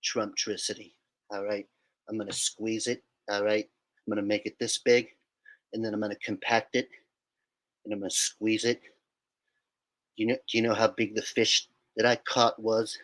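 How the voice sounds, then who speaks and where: A man's voice: lowish voice, little pitch movement, normal speed, long pauses, a bit bright, voice pushed down, lightly acted. A man doing an impression of a boastful older male politician, rambling and repeating himself. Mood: bragging. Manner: rambling, boastful, repeats phrases with hand gestures.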